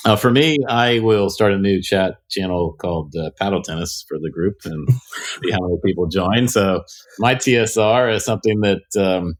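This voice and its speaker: Deep-voiced man, easygoing executive. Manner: easygoing, frequent "uh" pauses. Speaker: company executive guest. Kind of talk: casual podcast chat.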